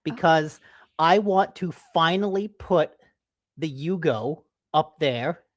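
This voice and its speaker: A man's voice: fairly high pitch, takes it slowly, no echo. Male co-host, casual rambling chat, dry home mic. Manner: rambling, teasing, filler-heavy. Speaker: podcast co-host. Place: home office.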